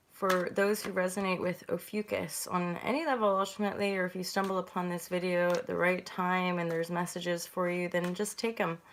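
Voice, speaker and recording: Chatty woman reading tarot. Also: slight background noise. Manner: chatty, rambling, bursts into higher greetings. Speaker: host and tarot reader. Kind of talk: casual intuitive tarot reading.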